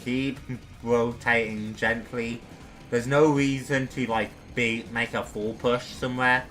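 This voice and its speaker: A man's voice: mid-range voice, steady tone, takes it slowly, fairly bright tone, soft background music. A young man casually commenting on his own gameplay, chatty and self-deprecating as he talks himself through a boss fight. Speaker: gaming streamer.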